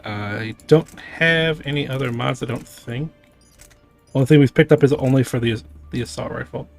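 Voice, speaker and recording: A man's voice: medium pitch, normal speed, creaky, faint music behind. A man streaming a video game, chatting casually and rambling through menu choices. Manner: rambling, with fillers and sound effects. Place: home streaming setup.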